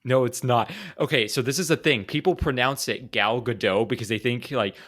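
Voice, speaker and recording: A young man co-hosting a podcast, tossing out jokes and quick reactions and sometimes reading aloud. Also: medium pitch, fairly bright tone. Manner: joking, quick reactions, reads aloud from articles. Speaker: podcast co-host. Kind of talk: casual chat.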